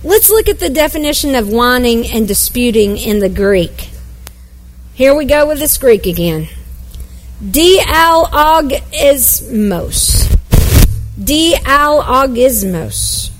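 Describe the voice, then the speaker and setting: Woman pastor, sermon, high voice, emphatic, playful asides, church service. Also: expressive, normal speed, darkish tone, low-quality recording.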